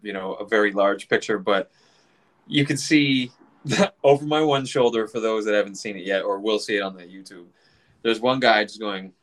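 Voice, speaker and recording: A man in his forties telling a casual story, animated, swearing freely and acting out other people's voices. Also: fairly low pitch, moderate pace.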